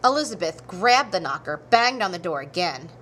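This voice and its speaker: A woman narrating a children's storybook with an animated, expressive read. Her voice swings widely in pitch and has a bright, forward tone, with faint background noise behind it. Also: normal speed. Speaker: storybook reader.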